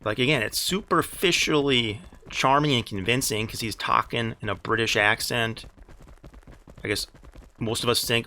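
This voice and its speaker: A man's voice: mid-range voice, moderate pace, bright, forceful tone. An American man streaming a game live, rambling in casual talk full of restarts and "right?" asides, with an exasperated edge. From United States.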